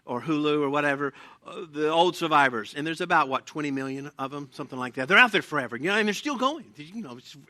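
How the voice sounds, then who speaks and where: Man, pastor, very bright tone, lively preaching, sermon. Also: a little high, dry recording. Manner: animated preaching with asides and acted quotes. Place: church sanctuary.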